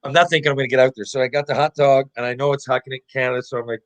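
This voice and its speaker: A man's voice: medium pitch, steady tone, racing, low-quality recording. A man in his forties, a podcast guest and former hockey player, tells a rambling, profane anecdote full of laughs and restarts. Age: 40s. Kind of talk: casual storytelling.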